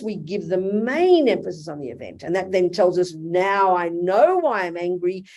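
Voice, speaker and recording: Blunt Australian woman teaching. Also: mid-range voice. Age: older. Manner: blunt, animated, quotes imagined dialogue. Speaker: Buddhist teacher. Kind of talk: Dharma talk with questions. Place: hotel meeting room.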